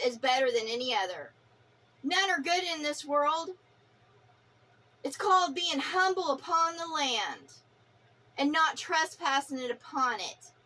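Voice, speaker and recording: A woman's voice: high-pitched, pushed and bright. A woman vlogger delivering an impassioned, profane spiritual rant, fiery, preachy and defiant.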